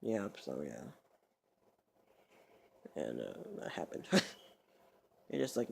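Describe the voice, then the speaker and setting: A man's voice: rumbling low, huge pitch swings, extremely slow, creaky, long pauses, a little mellow, a little hiss or hum. A man vlogging, telling a story in a loose, rambling way full of cursing and stumbling restarts.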